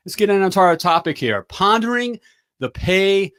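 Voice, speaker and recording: A middle-aged man hosting a live talk show, giving an energetic pep talk and checking in often with "all right?". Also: high-pitched, normal speed. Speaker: talk show host and plumbing business coach.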